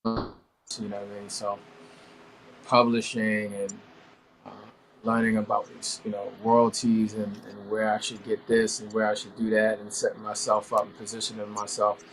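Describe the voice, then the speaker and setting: A middle-aged male R&B singer giving a measured, explanatory interview answer. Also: fairly low pitch, completely flat delivery, a little hiss or hum, poor audio. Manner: measured, explanatory, says "you know what I mean". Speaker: R&B singer guest.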